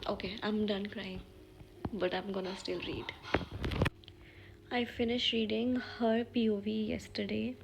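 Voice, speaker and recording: A young woman talks to her camera in her bedroom, tearful and overwhelmed. Her voice is a husky-edged half-whisper with a gravelly fry and little rise and fall. The phone recording carries a steady hiss of noise behind her. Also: medium pitch, unhurried, pauses often. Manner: emotional, half-whispered confiding. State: crying. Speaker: book vlogger. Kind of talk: tearful casual vlog. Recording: noisy home recording.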